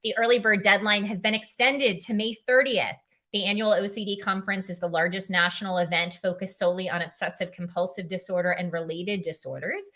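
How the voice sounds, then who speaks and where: A woman's voice: medium pitch, steady tone, a little fast, sharp tone. A young woman filling in as a livestream host, tired and emotional, heartfelt, saying "um" often and reading viewer comments aloud. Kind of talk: casual livestream chat.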